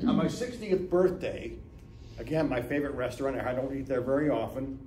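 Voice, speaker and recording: A man's voice: mid-range voice, moderate pace, background noise. A man in his seventies from Northeast Ohio gives a business talk as a chatty storyteller, acting out dialogue and often asking "right?". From Northeast Ohio, USA. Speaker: guest speaker at a business lunch talk. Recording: echoey room, mic from far off.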